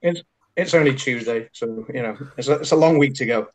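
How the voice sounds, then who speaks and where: A man's voice: medium pitch, brisk, poor audio. A man with an English accent chatting casually, telling stories and laughing often. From England. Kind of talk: casual chat.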